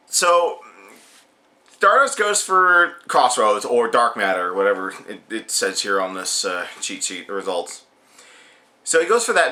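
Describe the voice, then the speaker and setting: A man's voice: medium pitch, bright, forceful tone. A young man rambling through a casual wrestling show review, joking and swearing as he goes.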